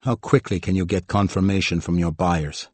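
A male audiobook narrator voicing a stern, grey-haired military major who speaks softly and curtly. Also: steady tone, moderate pace, no room sound. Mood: cold. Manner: low, soft and clipped.

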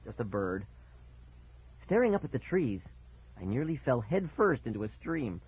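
A man reading a first-person story aloud with expressive, dramatic delivery and a husky voice. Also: mid-range voice, moderate pace. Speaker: audiobook narrator. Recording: tinny phone-like sound.

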